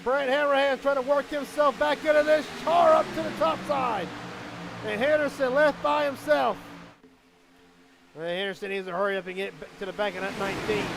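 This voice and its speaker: Man, race commentator, high pitched, gravelly, excitable, noisy stream audio. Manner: excitable, quickens on the action. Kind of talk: live sim racing commentary.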